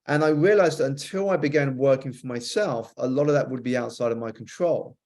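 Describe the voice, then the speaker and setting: A man speaks as an interview guest at a mid pitch, telling his story in a measured, reflective way. He lists things off one by one and fills pauses with uh's. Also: a little mellow. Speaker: coach and author, podcast guest.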